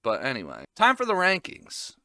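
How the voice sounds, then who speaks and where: A man's voice: medium pitch, huge pitch swings, normal speed, bright, forceful tone, dry recording, studio quality. A man casually recapping an anime episode, rambling and joking with frequent swearing.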